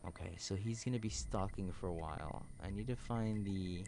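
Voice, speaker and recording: Casual male livestream commentator, lowish voice, loose rambling delivery with frequent laughs. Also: normal speed, creaky, noisy background. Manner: chatty, laughs often, rambling. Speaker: streamer.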